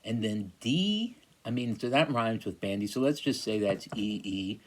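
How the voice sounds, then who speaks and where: A man's voice: lowish voice, lively intonation, a little slow, low-quality recording. A man in his forties giving a casual recorded lecture on poetry, thinking aloud with many fillers and checking in with "right?". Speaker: teacher.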